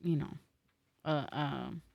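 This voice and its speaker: A woman in casual podcast chat, telling animated stories and mimicking other people. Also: low-pitched, takes it slowly, vocal fry, no echo, muffled recording. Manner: animated storytelling, swears, mimics voices.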